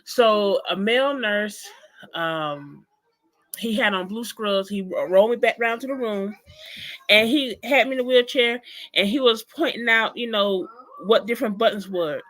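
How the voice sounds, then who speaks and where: A woman guest in an interview, telling a personal story in an animated, emphatic way and speaking straight to her listeners. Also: mid-range voice, unhurried.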